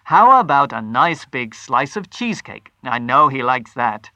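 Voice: mid-range voice, very animated, unhurried, sharp tone, no echo, heavily acted. A storyteller voicing a friendly, helpful male grocer behind a shop counter. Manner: genial, helpful shopkeeper talk.

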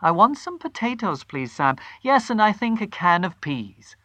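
A storyteller voicing an adult housewife who keeps up a bright, cheerful manner. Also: mid-range voice, big pitch swings, normal speed, no echo, voice pushed up. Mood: forced bright. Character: anxious housewife, outwardly cheerful, adult woman.

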